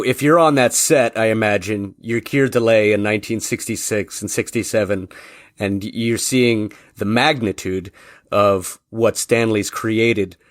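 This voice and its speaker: Low-voiced man asking long questions. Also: no echo, studio quality. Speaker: podcast host. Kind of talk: interview questions.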